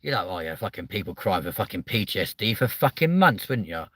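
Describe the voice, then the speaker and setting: Crude, animated male comedy host. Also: low voice, a little fast, dry recording. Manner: crude, rambling, swearing constantly. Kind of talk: casual comedic chat.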